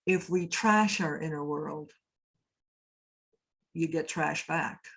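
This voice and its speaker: A woman's voice: deep voice, takes it slowly, vocal fry, a bit bright. A woman priest giving a conversational lecture, telling stories and often turning to ask her listeners questions. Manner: storytelling, often asks the audience questions. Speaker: priest and labyrinth teacher giving a talk. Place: cathedral speaker event.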